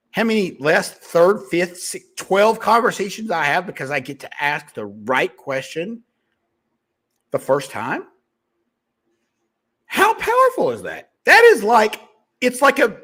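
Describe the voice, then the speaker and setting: Motivational sales-coach man, slightly high voice, husky, fast and rambling. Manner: fast-talking, animated, rambling with restarts. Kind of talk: motivational monologue to viewers.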